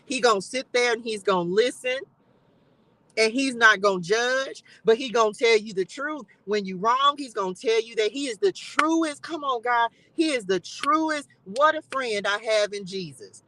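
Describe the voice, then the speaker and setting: A woman's voice: on the high side, lively intonation, moderate pace, fairly bright tone, a little hiss or hum, rough recording. A woman hosting a live stream from her car, giving fervent, repetitive faith encouragement with bursts of laughter. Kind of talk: casual spiritual encouragement talk. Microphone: live-stream device mic.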